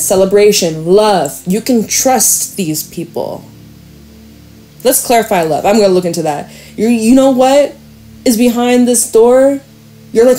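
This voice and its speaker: A woman's voice: medium pitch, warm tone. A woman reading tarot cards to camera in a casual, chatty way, laughing often and reassuring her viewers. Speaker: tarot reader.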